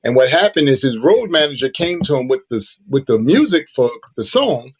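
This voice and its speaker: A man's voice: medium pitch, very animated, moderate pace, husky, dull audio. A man co-hosting a radio show, telling a story animatedly with lots of "you know" fillers. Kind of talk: casual radio chat, storytelling.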